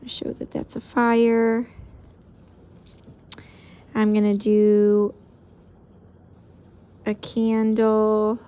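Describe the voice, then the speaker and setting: A woman teacher giving a casual recorded lesson, explaining out loud while she sketches examples. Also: mid-range voice, monotone, extremely slow, long pauses, smooth, muffled recording.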